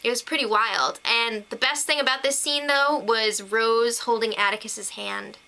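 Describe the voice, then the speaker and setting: Bright, chatty young woman recapping. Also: on the high side, steady tone, normal speed, gravelly. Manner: gushing, chatty, with laughs and fillers. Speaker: TV recap vlogger. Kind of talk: casual episode recap to camera.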